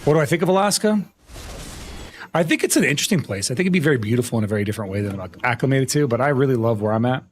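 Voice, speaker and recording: A man's voice: mid-range voice, animated, racing. Chatty male streamer answering chat. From Arizona. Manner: chatty, answering viewer questions while gaming. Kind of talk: casual live-stream chat.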